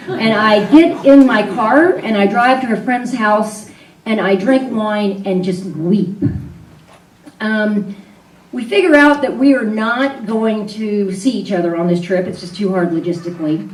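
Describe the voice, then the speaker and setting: A woman with a mid-range voice speaks a little slowly, with slight background noise. She's a storyteller and event host on stage at an arts venue, sharing a personal story live in a candid, conversational way full of fillers. The sound is roomy, like a hall, with her voice at a distance.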